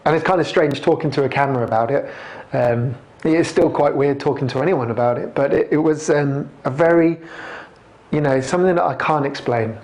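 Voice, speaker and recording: A man giving a personal testimony to a camera. He speaks in a halting, reflective way, with many restarts. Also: mid-range voice, a little mellow. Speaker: convert sharing his testimony.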